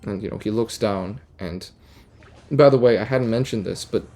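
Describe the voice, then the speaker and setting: A young man casually telling a rambling, deadpan, absurd story full of fillers and restarts. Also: lowish voice, moderate pace. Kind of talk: casual storytime while gaming.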